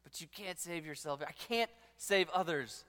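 A man preaching a sermon with passion, dropping to a hush and then rising to loud declarations. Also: fairly high pitch, expressive, moderate pace. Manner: impassioned preaching, swinging between hushed and loud. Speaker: pastor. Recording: long hall reverb.

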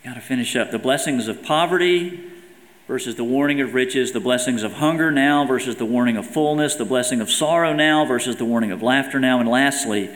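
Male pastor, earnest sermon delivery with emphatic scripture readings, mid-pitched voice, recorded in a reverberant church hall. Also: fairly bright tone. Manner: earnest preaching, reads scripture quotes aloud with emphasis. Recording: echoey hall with long reverb.

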